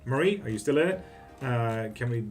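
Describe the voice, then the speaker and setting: Male tarot streamer, easygoing, salty language, mid-pitched, faint music underneath. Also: fairly quick. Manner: relaxed, swears freely, greets and answers chat. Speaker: tarot reader and livestream host. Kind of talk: casual live-stream chat.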